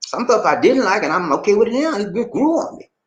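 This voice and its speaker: A man living abroad talking casually to his viewers, animated, acting out shop conversations and repeating phrases for emphasis. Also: high voice, fairly quick, reverberant, lo-fi sound. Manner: animated, acts out shop dialogues. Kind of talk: casual live-stream talk to viewers. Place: indoors, in the Philippines.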